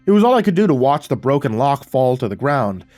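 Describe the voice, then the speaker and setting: A man narrating a horror story in a wry, even storytelling manner. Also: mid-range voice, a little fast, no echo, soft background music.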